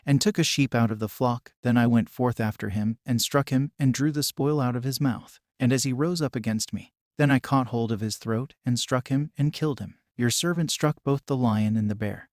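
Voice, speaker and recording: A man reading the part of the young shepherd David, brave and devout, in a plain even way. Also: medium pitch, normal speed, few pauses, no echo, studio quality, close to an everyday voice. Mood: earnest.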